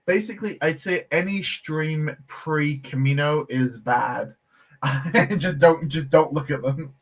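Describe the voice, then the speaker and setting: Male livestream host, relaxed and slow-paced, chats with viewers while tinkering, quick to laugh at himself. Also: fairly high pitch. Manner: chatty, answers viewer chat while tinkering with a build; laughs easily, self-deprecating. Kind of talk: casual livestream chat.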